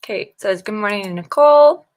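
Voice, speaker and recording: A woman's voice: medium pitch, animated, normal speed, darkish tone. A young woman hosting a writing livestream, chatting casually and rambling with restarts, giggling often, tired and loopy from the early morning. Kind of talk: casual live-stream chat, reading viewer comments.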